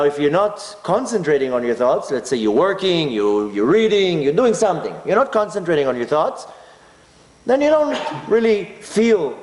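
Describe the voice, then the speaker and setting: A man's voice: a little high, echoey room. A man from Israel, telling a personal story as a talk and acting out his own inner voice. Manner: animated, acts out his inner voice. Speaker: speaker.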